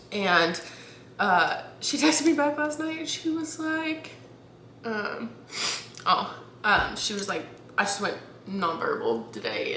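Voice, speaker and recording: Holding her camera up from bed at home, a young vlogger speaks candidly, halting and restarting as she laughs through near tears. Her medium-pitched voice sounds bright, with room echo and a low hum in the background.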